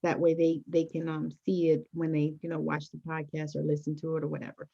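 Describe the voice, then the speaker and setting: A woman hosts a podcast interview, enthusiastic and chatty with plenty of fillers. Her voice sits a bit low for a woman. The audio sounds dull and lo-fi. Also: monotone, fairly quick, vocal fry, mellow, husky. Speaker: podcast host.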